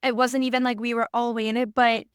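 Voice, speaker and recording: A woman's voice: on the high side, little pitch movement, fast talker, clean tone, no echo, studio quality. A woman hosting a podcast, talking in a loose, rambling way with many restarts. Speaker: podcast host. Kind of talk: casual conversation.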